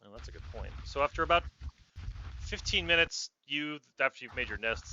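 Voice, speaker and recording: A man's voice: fairly low pitch, pushed and bright, lo-fi sound. A man narrating a tabletop role-playing game as game master on a live stream, rambling and often breaking off mid-sentence. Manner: rambling, self-interrupting narration.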